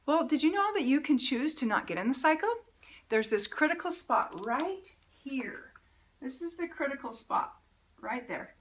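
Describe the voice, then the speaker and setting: Animated woman coaching a lesson. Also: high voice, moderate pace. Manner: animated, acts out feelings in quoted asides. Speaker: life coach teaching a mentoring program. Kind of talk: upbeat motivational lesson to camera.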